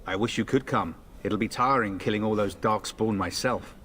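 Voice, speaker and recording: Brief: a man voicing a lighthearted young knight, low-pitched, joking and warm with family. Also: moderate pace, slight background noise, lightly acted. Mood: jovial. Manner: jovial, teasing. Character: cheerful young noble knight, older brother, joking.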